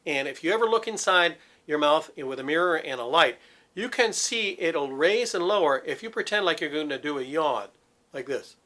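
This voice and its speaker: Bright-voiced man teaching singing. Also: a little high, animated, normal speed. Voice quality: resonant, focused head voice. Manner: demonstrative, explains with sung examples. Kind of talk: vocal technique lesson.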